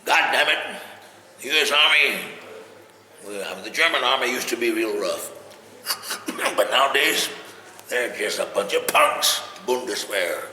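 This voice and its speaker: Man voicing a tough old general, barking rant, sharp tone, roomy reverb. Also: medium pitch, animated, unhurried, long pauses. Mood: blustering. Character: gruff tough male three-star army general. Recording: echoey room with faint noise.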